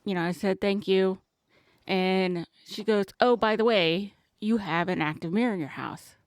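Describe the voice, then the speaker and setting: Smooth-voiced woman telling a story. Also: medium pitch, normal speed, dry recording, studio quality. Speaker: podcast guest. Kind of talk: casual storytelling.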